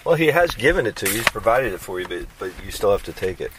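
A man's voice: lowish voice, sing-song, quick pace, background noise. A man co-hosting a casual Christian podcast, affirming and preacherly in his asides. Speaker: podcast co-host.

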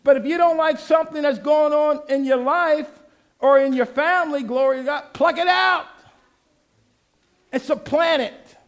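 A pastor preaching, leading the congregation in call and response and shouting out his refrains. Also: extremely high pitch, moderate pace. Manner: exhorting, shouting refrains, laughing asides.

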